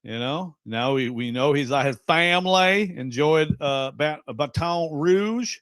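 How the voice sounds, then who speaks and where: A man's voice: a little high, lively intonation, unhurried, fairly bright tone, clean tone, no room sound. A man from Western Michigan co-hosting sports radio, chatting in a rambling, jokey way. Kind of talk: casual radio banter.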